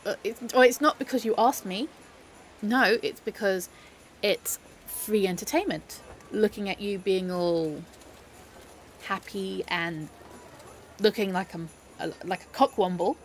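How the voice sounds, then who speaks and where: A woman's voice: medium pitch, slight background noise, lightly acted. A woman in an audio role-play, playing a grumpy, sarcastic young woman who hates Christmas and talks in an exasperated, mocking, dramatic way.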